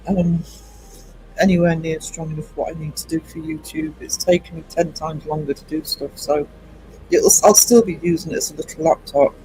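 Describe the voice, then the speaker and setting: Guy on a live stream, fairly high voice, rambly, lots of ums, faint music behind. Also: steady tone, normal speed, rough recording. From United Kingdom. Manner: rambling, chatty, greets chat by name, many ums. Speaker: livestream host. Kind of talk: casual live-stream chat with viewers.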